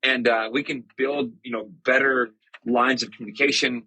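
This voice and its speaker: A middle-aged man talks in a relaxed, reflective way, his voice husky and raspy, with a bright, forward edge. He rambles a little, full of fillers and self-deprecating asides. The sound is dry and close, with no room around it. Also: medium pitch, moderate pace, no room sound, poor audio. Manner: conversational, self-deprecating storytelling with many fillers. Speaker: church podcast host. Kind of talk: casual reflective monologue.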